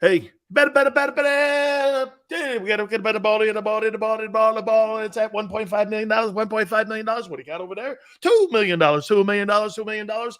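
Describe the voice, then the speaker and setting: A man playing a fast-talking male auctioneer who calls out bids in loud, repeated bursts. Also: high voice, clean tone, voice pushed up. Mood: excited. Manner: rapid repetitive bid-calling, loud.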